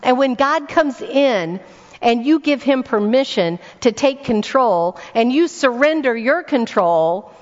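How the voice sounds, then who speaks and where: This is a woman speaking at a church weekend event, delivering a sermon before a congregation in a church hall. She speaks slowly in a high, expressive voice, weaving stories, asking the audience rhetorical questions and repeating words to stress them. The audio is dull and echoes around the reverberant hall.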